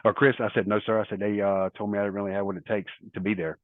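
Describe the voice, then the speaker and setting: A man's voice: on the low side, flat delivery, quick pace, no room sound. Man telling stories over a tinny line. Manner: rambling anecdotal storytelling with quoted dialogue. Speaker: interview guest, former wrestler. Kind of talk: casual storytelling interview. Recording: tinny phone-like line, dry.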